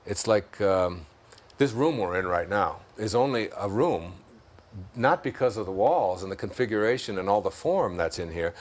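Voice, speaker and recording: A man with a Detroit accent, an interview guest reflecting on spiritual ideas, telling stories, chuckling often and slowing down for key points. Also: lowish voice, animated.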